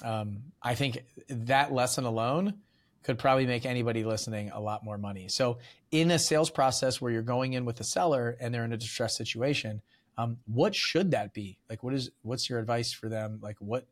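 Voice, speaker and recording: A man's voice: medium pitch, moderate pace. A man hosting a podcast interview, talking casually with lots of fillers and restarts. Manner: rambling with many fillers and restarts. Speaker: podcast host.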